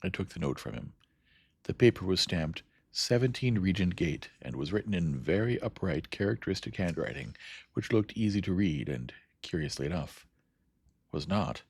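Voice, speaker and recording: A man narrating a classic mystery in a soft, unhurried, measured ASMR reading. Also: low voice, animated, vocal fry, husky, no echo. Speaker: audiobook narrator.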